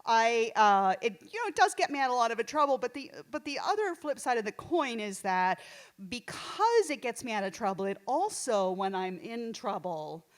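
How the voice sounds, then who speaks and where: A woman's voice: on the high side, very animated, moderate pace. A middle-aged woman from Texas doing a rambling, self-deprecating stand-up set on a small theater stage. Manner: rambling, self-deprecating, lots of fillers and restarts. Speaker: stand-up comedian.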